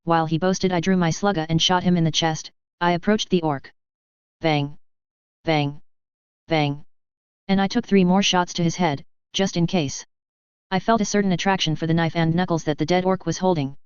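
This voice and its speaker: A woman reads a first-person fan story aloud at a steady, plain pace. Her voice is lowish, very smooth and clear, recorded dry with a slightly dull, lo-fi sound. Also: brisk, no room sound. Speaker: narrator.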